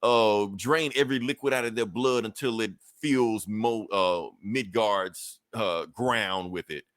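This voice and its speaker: A man's voice: lowish voice, measured pace, fairly bright tone, no room sound, studio quality. A man playing a wrathful old god-king. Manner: blunt offhand paraphrase.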